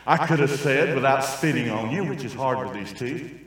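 An older man preaching a sermon in a raw, folksy style, swinging between quiet asides and shouting. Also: medium pitch, moderate pace. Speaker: traveling preacher. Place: large church hall. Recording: very echoey church sanctuary, distant mic.

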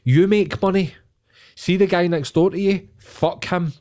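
A man's voice: high voice, a little slow, a little mellow. Scottish man, podcast co-host, casual chat, ranting, heavy swearing.

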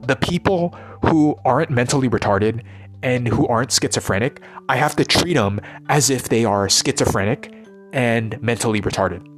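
A man's voice: mid-range voice, normal speed, soft background music. A man giving a rambling, profane, intense unscripted monologue as a vlogger.

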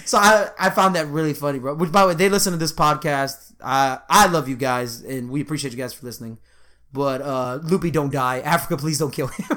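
A man's voice: fairly high pitch, brisk. Laughing, swearing young man spinning a story. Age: 20s. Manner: animated, laughs through his stories, swears freely. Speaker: podcast co-host. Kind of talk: casual storytelling chat.

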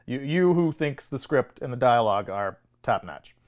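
At medium pitch and a moderate pace, a man co-hosts a film podcast full of casual review banter. He mocks the movies' dialogue, laughs often, and quotes lines in a flat, dramatic way.

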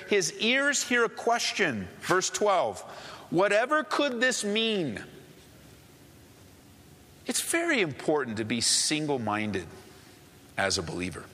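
A man's voice: high voice, bright, forceful tone. A man preaching a sermon, emphatic and repetitive, asking the listeners rhetorical questions. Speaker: pastor. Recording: long hall reverb.

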